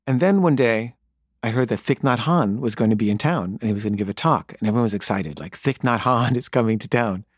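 A man's voice: medium pitch, a little fast, slightly rough, dry recording, studio quality. A man telling a wry, exasperated story in a casual monologue.

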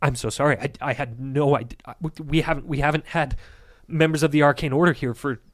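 A man voicing a flustered middle-aged priest who runs an orphanage, stammering and pitched up. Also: animated, a little fast, no echo, studio quality. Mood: apologetic.

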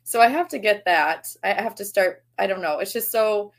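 Over a video call, a woman co-hosting a podcast chats casually, rambling cheerfully and laughing at herself. Her voice is medium-pitched and her speed normal.

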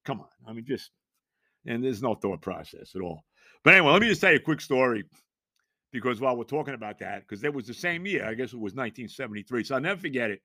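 A man in his sixties, hosting a podcast, tells a rambling, animated story in casual chat, repeating himself and laughing along the way. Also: medium pitch, fast, dry recording, clean studio sound. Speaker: podcast host.

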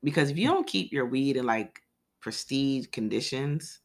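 A man's voice: mid-range voice, animated, moderate pace. A man co-hosting a podcast, casually recapping a TV episode in a chatty, loose, profane way. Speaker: podcast co-host.

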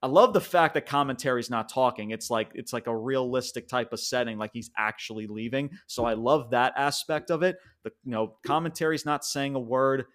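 A man co-hosting a podcast, recapping a wrestling show in an excited, rambling way with restarts and casual swearing. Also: medium pitch, brisk, few pauses. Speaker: podcast co-host.

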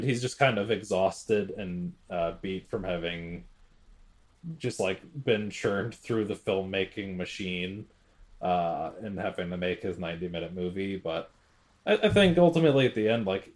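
A young man with a fairly low voice hosts a casual podcast chat. His pitch moves around a lot as he talks. He stops and restarts often and fills pauses with "um" and "like". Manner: halting, many fillers and restarts. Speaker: podcast host.

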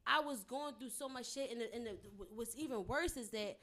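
Young female guest, slightly high voice, animated and frank in loose chat. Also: moderate pace, crowd noise. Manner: animated, emphatic. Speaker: guest intern. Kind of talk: casual chat.

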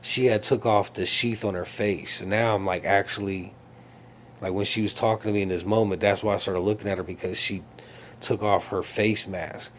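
A man's voice: lowish voice, steady tone, normal speed, a little hiss or hum. A man casually recounting a dream in an earnest, reflective way, with many fillers, restarts and searching for words.

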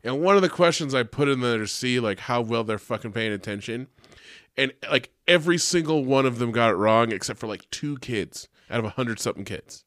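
A young man, a teacher, telling a story in casual chat, animated and profane, full of "like", acting out the quotes. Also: mid-range voice, brisk, no room sound, clean studio sound. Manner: animated and profane, heavy use of "like", acts out quotes.

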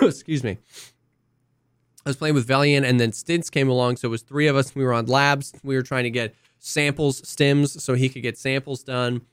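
A man's voice: medium pitch, normal speed, clean tone, no room sound, studio quality. A young man co-hosting a podcast, telling a story with lots of acted-out quotes and the odd cough. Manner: animated storyteller, acts out quotes, coughs now and then. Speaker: podcast co-host. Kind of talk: casual chat, storytelling.

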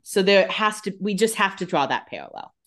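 A woman co-hosting a casual podcast, chiming in with wry, jokey asides and quick banter. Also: medium pitch, very animated, a bit bright. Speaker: podcast co-host. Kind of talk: casual chat.

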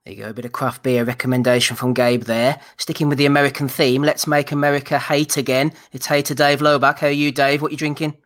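A man's voice: mid-range voice, flat delivery, quick pace, few pauses, fairly bright tone. A man hosting a live podcast, bantering and reading out chat comments in an upbeat, casual way. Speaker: podcast host.

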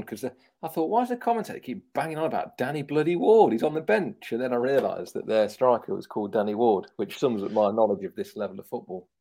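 A man co-hosting a casual podcast, talking in a chatty, self-mocking way. His voice sits at a middling pitch. He laughs along easily with the others. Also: warm tone. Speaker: podcast co-host. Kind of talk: casual chat.

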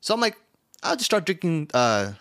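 A young podcast co-host with a voice on the high side tells a rowdy story at normal speed in casual chat. He laughs often and animatedly acts out the lines he quotes.

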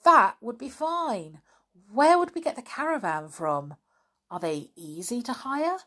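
A woman voicing a cheerful boy who speaks slowly and deliberately. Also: fairly high pitch, very animated, bright, forceful tone, voice pushed up, heavily acted. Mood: keen.

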